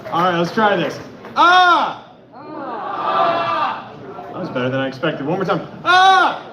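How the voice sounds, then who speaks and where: A man doing a stand-up comedy set in a club, telling stories loudly with sudden shouts. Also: on the high side, racing. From Atlanta, Georgia. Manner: loud, animated storytelling with sudden shouts. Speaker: stand-up comic. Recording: echoey club from far off, noisy.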